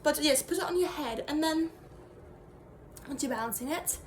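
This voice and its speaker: A young woman plays a pompous fake academic giving a nonsense meditation lesson, rambling through fillers and half-finished sentences. The voice sits high, and a faint hum of noise runs underneath. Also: moderate pace, lightly acted. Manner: mock-serious, rambling, trailing off with fillers. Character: self-serious fake female professor teaching meditation. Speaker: comedy creator. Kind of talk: improvised comedy sketch.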